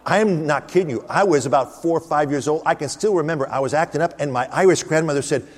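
A man's voice: on the high side, quick pace, few pauses, long reverb tail. A man preaching a sermon, emphatic and storytelling, calling out to the congregation. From United States. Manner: emphatic, storytelling, calls out Amen.

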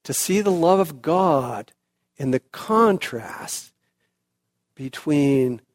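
A man preaching an expository sermon, slow and emphatic, building to loud, high peaks and then dropping back quiet. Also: animated.

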